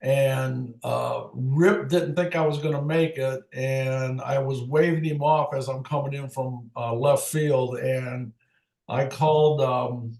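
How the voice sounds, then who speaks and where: An older man, a retired umpire, telling lively baseball stories in a casual interview and laughing often. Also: medium pitch, slow, creaky. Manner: animated anecdotes, laughs often. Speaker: retired MLB umpire, guest. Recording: echoey room.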